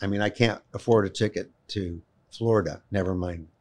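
Brief: man, guest storyteller, animated and emphatic, voice on the low side. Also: brisk. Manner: animated, emphatic storyteller, repeats words when worked up. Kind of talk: personal storytelling in a conversation.

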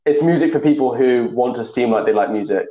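A young man hosting a casual podcast, jokey and teasing. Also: medium pitch. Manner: jokey and teasing, quick to laugh. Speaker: podcast host. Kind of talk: casual chat. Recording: roomy, dull-sounding recording.

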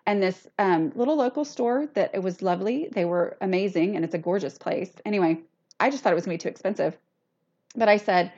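A middle-aged woman hosts her podcast alone, telling stories in a chatty, self-deprecating way. Her voice sits at an ordinary pitch, and the recording sounds dull and lo-fi. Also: brisk, darkish tone. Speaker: podcast host. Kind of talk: casual solo podcast chat.

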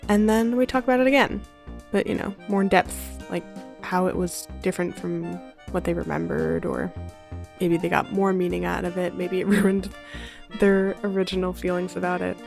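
A woman's voice: on the low side, fairly even intonation, moderate pace, creaky, a little mellow, faint music behind. A woman hosting a casual podcast conversation, chatty, laughing often and filling her talk with likes and ums. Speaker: podcast host. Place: home in New Jersey.

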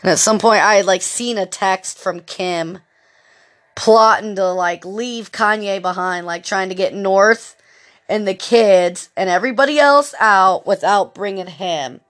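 A woman's voice: medium pitch, a little slow, a bit bright. Profane, rambling woman podcaster. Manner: profane, rambling storytelling with lots of fillers. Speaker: podcast host. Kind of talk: casual monologue.

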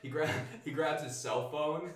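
A man's voice: on the high side, moderate pace, slight background noise. A young man, a guest, telling a story casually and animatedly, swearing freely. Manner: animated, profane, laughs through his story. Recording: echoey room, distant mic.

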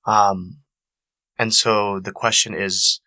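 A man's voice: lowish voice, level tone, slow pace, bright, forceful tone, dry recording. A young man, an actor on a panel, telling a personal story in an earnest, emotional way, repeating phrases for emphasis.

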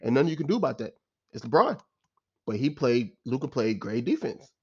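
A man's voice: medium pitch, big pitch swings, a little fast, a little mellow, breathy edge, highs cut off. A man giving a casual, exasperated post-game rant as a sports fan, repeating himself and using slang.

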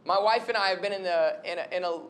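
A man's voice: high voice, quick pace. A young adult man giving a conversational, storytelling sermon. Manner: conversational, storytelling, animated retelling. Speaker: preacher.

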